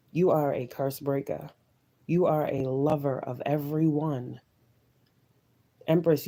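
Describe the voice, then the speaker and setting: Woman, tarot reader, mellow dark voice, fervent repeated affirmations, occasional swearing. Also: sits low, creaky, rough recording. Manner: emotional, preachy, repetitive affirmations, swears. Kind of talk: live tarot reading.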